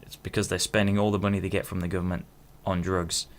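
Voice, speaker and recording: Talking fast in a low, level voice, a man in his twenties carries a solo podcast. His monologue rambles, he keeps cutting himself off, and he swears casually.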